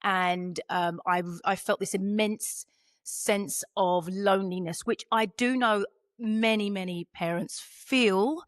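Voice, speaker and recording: A woman from Europe chats as a podcast host in a mid-pitched voice, wandering through her thoughts with plenty of ums and false starts. Her voice is recorded close and dry, with no room sound around it. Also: fairly even intonation, slow, no room sound. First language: not English. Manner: rambling, with frequent ums and restarts. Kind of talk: casual podcast chat.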